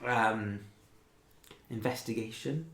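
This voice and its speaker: Echoey voice of a hesitant game master. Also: male voice, lowish voice, slow, fairly bright tone. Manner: hesitant, laughs often. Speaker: dungeon master. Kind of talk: narrating a tabletop game. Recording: echoey room, faint noise.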